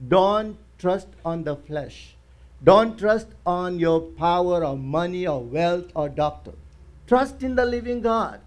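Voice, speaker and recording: A man's voice: high voice, animated, takes it slowly. A male pastor preaching in church, telling a story with acted quotes and emphatic rises. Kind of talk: sermon.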